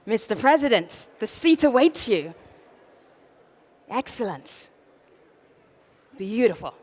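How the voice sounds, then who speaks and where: A woman's voice: on the high side, very animated, slow, darkish tone. A woman with a South London accent moderating a large conference, playful and theatrical with the audience. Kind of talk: live event hosting. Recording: reverberant large hall.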